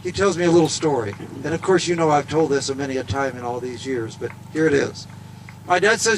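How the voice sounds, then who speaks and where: A man's voice: mid-range voice, fast talker, a little hiss or hum, rough recording. A man telling a story to a crowd outdoors in an earnest, folksy manner. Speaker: speaker at a golf event. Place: outdoors at a golf course.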